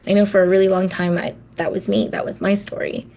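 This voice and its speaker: A woman's voice: mid-range voice, level tone, fast, creaky, dark tone. A woman hosting her own podcast, talking in a heartfelt, conversational way and acting out the voices she quotes. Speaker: podcast host. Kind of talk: reflective solo podcast talk.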